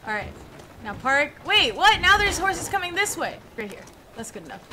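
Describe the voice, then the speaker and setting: A young woman streaming a video game, reacting excitably with squeals and shouts. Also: sits high, normal speed, slight background noise. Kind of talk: live game-stream commentary.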